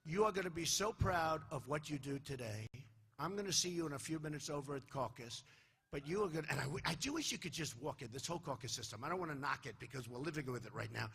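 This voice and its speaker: An older man giving a boastful, repetitive campaign rally speech in a large hall, dropping to low asides and rising to shouts. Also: lively intonation, fast, slight background noise. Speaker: political candidate speaking at a rally. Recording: live hall recording with faint crowd ambience.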